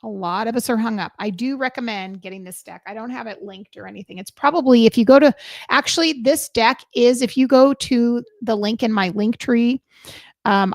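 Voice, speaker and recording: A woman hosting a live stream as a psychic reader, chatting casually and excitedly with her viewers. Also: medium pitch, no echo, studio quality.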